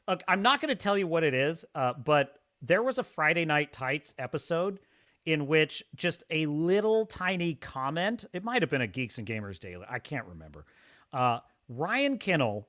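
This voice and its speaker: A man hosts a casual livestream, rambling and reading chat messages aloud. His voice sits a little high, bright and forceful. He gets excitable and talks in quick bursts. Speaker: livestream host.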